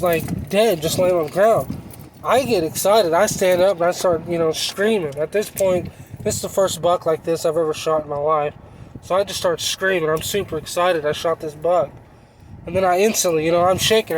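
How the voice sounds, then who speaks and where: A man's voice: sits high, normal speed, a little hiss or hum, rough recording. A man telling a hunting story in a casual, rambling, folksy way. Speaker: channel host.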